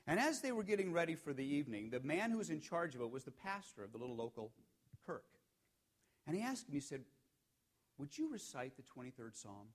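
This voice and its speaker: Pastor preaching with dramatic swells. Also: male voice, fairly high pitch, big pitch swings, fast. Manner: storytelling preacher, rising emphatic peaks and hushed drops. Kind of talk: sermon.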